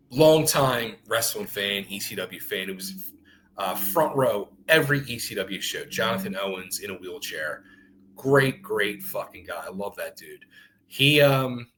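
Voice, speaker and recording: Animated middle-aged man telling stories. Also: medium pitch, normal speed, a little hiss or hum. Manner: animated storyteller, swears freely, acts out quoted voices. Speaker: co-host, former wrestler. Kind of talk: casual podcast chat, storytelling.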